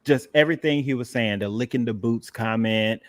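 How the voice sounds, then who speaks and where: A man's voice: mid-range voice, fairly quick, no echo, studio quality. A man co-hosting a casual fan show, playful and emphatic with a sassy edge. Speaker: co-host. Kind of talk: casual chat.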